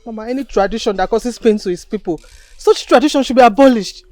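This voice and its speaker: Earnest high-voiced Nigerian woman. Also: fast talker, a little mellow, no room sound, clean studio sound, faint music behind. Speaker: actress in a village drama. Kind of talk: film acting, earnest pleading.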